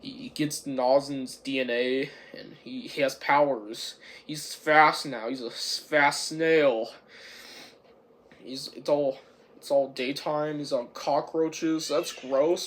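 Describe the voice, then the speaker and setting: A man giving a rambling, casual movie review, halting and restarting with lots of fillers and repeated words. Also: fairly high pitch, lively intonation, fairly bright tone, slight background noise.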